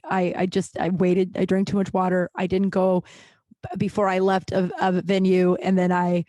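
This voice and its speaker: A woman, hosting a casual solo podcast and retelling funny stories in a chatty, animated way with frequent laughs. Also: on the low side, normal speed, no room sound. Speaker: podcast host.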